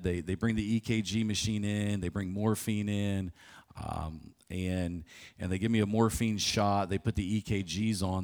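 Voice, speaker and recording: A man's voice: fairly low pitch, a little mellow. A man preaching a sermon, telling a personal story vividly and often restarting his phrases. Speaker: pastor. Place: church sanctuary.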